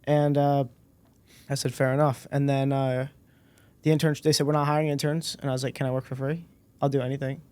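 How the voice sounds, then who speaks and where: A man in his twenties, a podcast guest, telling a personal story in a relaxed way and acting out the dialogue. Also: mid-range voice, a little fast, smooth. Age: 20s. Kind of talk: casual storytelling interview.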